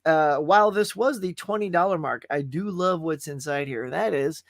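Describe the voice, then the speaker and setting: A man's voice: on the high side, moderate pace, no echo, studio quality. A man hosting a live movie chat stream, casual and folksy, chatting straight to his viewers. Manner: chatty and folksy, often calls viewers "y'all".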